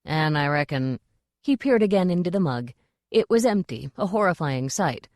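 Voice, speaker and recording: Woman, audiobook narration, measured, very low voice, dry close sound. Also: sing-song, a little mellow, no echo.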